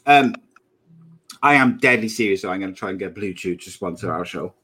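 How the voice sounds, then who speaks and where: A man's voice: deep voice, expressive, fairly quick, sharp tone, husky. A man in his late thirties co-hosting a podcast in casual chat, joking around and laughing often. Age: 30s. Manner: laughs often, jokey banter. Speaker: podcast co-host.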